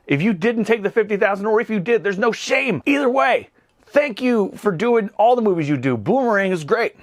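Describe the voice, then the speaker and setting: Rapid, bouncy man in his thirties, rambling comedic movie recap, dry close sound. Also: sits high, no echo. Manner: animated, rambling, laughs at his own jokes. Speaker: movie reviewer.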